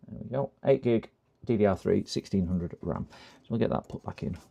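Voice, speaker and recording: A man's voice: fairly low pitch, brisk, gravelly, warm tone. A man chatting casually with viewers on a live stream while repairing a computer, rambling and thinking aloud as he works.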